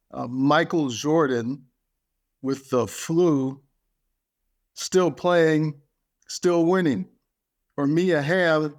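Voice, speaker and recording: Emphatic man giving a motivational podcast talk. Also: on the high side. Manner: emphatic, builds points through repetition. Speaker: podcast speaker.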